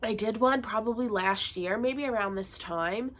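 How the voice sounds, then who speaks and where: A woman's voice: a little high, moderate pace, fairly bright tone. A young woman talks through a casual vlog from her bedroom, her voice stuffy and nasal from a bad cold. She rambles in a chatty way, dropping fillers as she goes. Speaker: vlogger. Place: bedroom at home.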